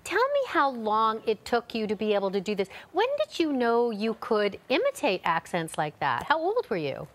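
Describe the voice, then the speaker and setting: A woman's voice: a little high, wildly swooping pitch, moderate pace, hardly any pauses. A woman news anchor interviewing a guest, bubbly and full of enthusiasm.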